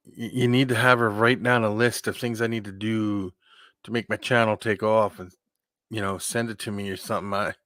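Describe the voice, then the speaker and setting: A man's voice: mid-range voice, bright, forceful tone, dry recording, clean studio sound. A man hosting a casual live-stream chat, rambling and talking to his viewers. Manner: rambling, keeps clearing his throat. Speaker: host of a live hangout stream.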